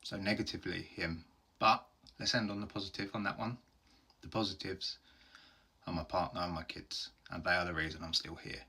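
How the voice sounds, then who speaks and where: A man speaks in a low voice with a rough, gravelly edge. His tone is a little husky, and he answers questions on his own in a candid, earnest way. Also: steady tone, brisk, bright, forceful tone. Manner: earnest, open and heartfelt, with plain everyday phrasing. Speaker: host answering viewer questions. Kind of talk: candid solo Q&A.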